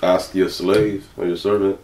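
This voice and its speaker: Teasing man with low voice in echoey room. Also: flat delivery, darkish tone. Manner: teasing, slangy, quick interjections. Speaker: podcast co-host. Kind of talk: casual banter.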